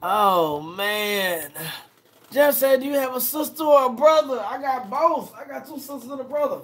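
A man's voice: very high voice, expressive, moderate pace, a bit bright. A young man, a food vlogger, chatting casually on a live stream, reading viewer comments aloud and answering each one.

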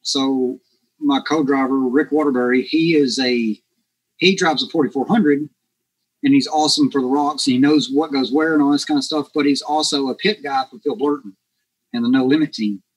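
A man's voice: medium pitch, moderate pace, slightly rough, rough recording. A man guest on a podcast, telling a story casually and acting out the dialogue with lots of energy. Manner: animated, acts out quoted dialogue.

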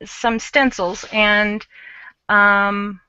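A woman's voice: mid-range voice, flat delivery, extremely slow, sharp tone, clear, resonant tone, no room sound. A woman hosting a live craft show, chatting and thinking aloud as she shows her artwork. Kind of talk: live-streamed craft demo. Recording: dull, lo-fi live stream.

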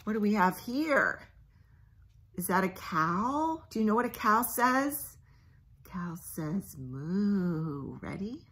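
A woman librarian reading a picture book aloud at bedtime, gently asking the children questions and sinking into a hushed near-whisper. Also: on the high side, animated, a little slow, a little hiss or hum.

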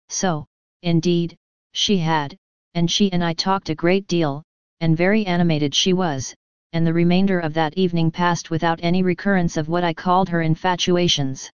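A woman narrating an audiobook in a measured, even storytelling manner, recorded close to the mic. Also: on the low side, clear, resonant tone, dry recording, lo-fi sound.

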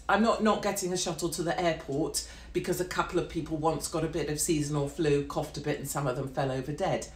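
A woman's voice: low-pitched, fairly even intonation, fast, few pauses, a little hiss or hum. A woman, hosting a blunt, profane and mocking ranting monologue. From Britain. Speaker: host. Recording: echoey room.

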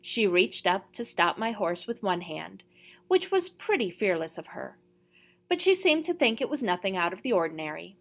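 A woman reads a first-person novel aloud as an audiobook narrator. Her pitch is average for a woman, and her delivery is steady and measured. She tells the story in an even storytelling voice. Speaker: audiobook reader.

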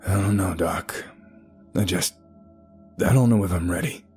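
A man's voice: sits low, a little slow, a little mellow, husky, faint music behind, heavily acted. A man voicing a guilt-ridden male cave rescuer in a horror story, speaking hesitantly. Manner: hesitant, uncertain.

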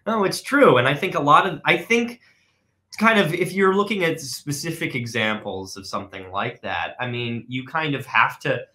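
A man's voice: fairly high pitch, expressive, normal speed, pushed and bright. A young man, an actor, talking casually over a video call, rambling with restarts and frequent laughs. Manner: rambling, hesitant, laughs often. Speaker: actor interviewing with his father. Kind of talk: casual conversational interview.

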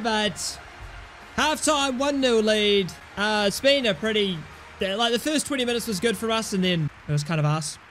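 A young man commentating his own football video game, cheering loudly at goals and swearing at his players. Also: sits high, slight background noise. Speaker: gaming YouTuber. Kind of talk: excited gameplay commentary.

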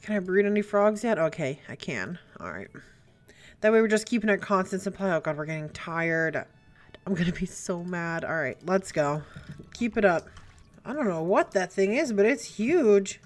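A young woman giving let's play commentary, chatty and prone to excited squeals and gasps. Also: lowish voice, normal speed. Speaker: gaming YouTuber. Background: faint game music.

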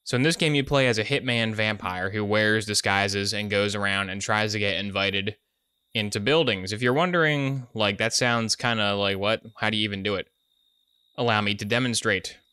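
Bright, clear-voiced joking gamer guy. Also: fairly low pitch, fairly even intonation, normal speed. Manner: goofy, joking. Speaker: gaming streamer. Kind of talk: casual gameplay commentary. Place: home streaming setup.

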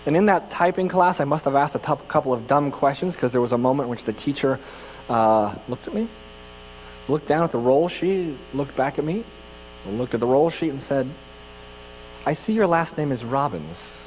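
A man's voice: medium pitch, fairly quick, a little mellow, long reverb tail, a little hiss or hum, rough recording. A man from California preaching a sermon as pastor, telling personal stories in a conversational, self-deprecating way with frequent restarts. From California, United States.

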